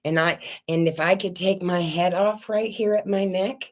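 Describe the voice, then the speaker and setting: On her own vlog, a host speaks with a lowish voice and fairly even intonation while she pours out her feelings, crying, swearing and tripping over her words.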